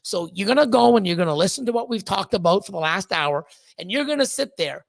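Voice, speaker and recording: Man, gravelly fry, dry close sound, blunt, swears a lot, stumbles over repeated words. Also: sits high, animated, quick pace, dry recording. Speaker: podcast guest, snake breeder. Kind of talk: candid ranting conversation.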